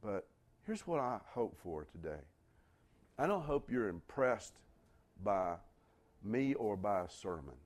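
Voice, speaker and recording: A man preaching to his church congregation. He speaks slowly with a highly expressive, swooping delivery and keeps drawing the listeners in with direct questions. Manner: animated, calls out questions to the congregation. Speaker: pastor. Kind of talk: sermon.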